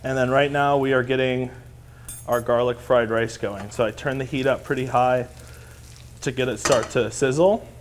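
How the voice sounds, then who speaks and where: Over sizzling pans and clattering cookware in a kitchen studio, a cooking instructor leads a live class in a mid-range voice with a steady tone at normal speed. There's a little hiss or hum, and he comes across as chatty, upbeat and self-deprecating.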